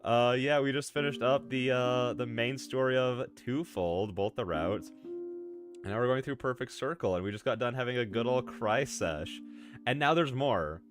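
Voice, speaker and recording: A man's voice: medium pitch, normal speed. A man streaming casually, chatting with his viewers as he reads a story, laughing often and repeating himself. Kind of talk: casual livestream chat. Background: music playing.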